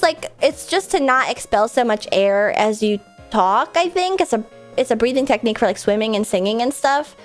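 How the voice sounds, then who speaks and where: A woman streamer, stuffed up from a cold, chatting casually and giggling while she reads out viewer messages. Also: a little high. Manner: chatty and giggly, with lots of likes and restarts.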